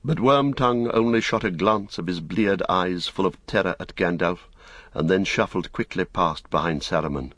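A man narrating an audiobook in a measured, even storytelling manner. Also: low voice, breathy edge, no echo. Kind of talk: scripted narration.

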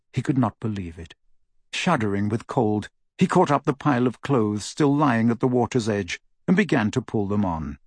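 A man's voice: medium pitch, husky, dry recording, studio quality. A man narrating an audiobook with dramatic, varied storytelling. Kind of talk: scripted narration.

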